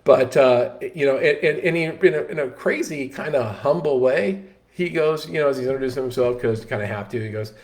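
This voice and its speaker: A man telling a story in a casual talk, animated, with many restarts and fillers. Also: mid-range voice, a little fast. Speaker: host.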